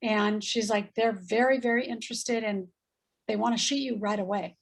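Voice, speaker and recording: A woman in her fifties telling a story in casual chat, animated and acting out voices as she goes. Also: fairly high pitch, moderate pace, creaky. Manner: animated, acts out voices in quotes, laughs often. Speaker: guest.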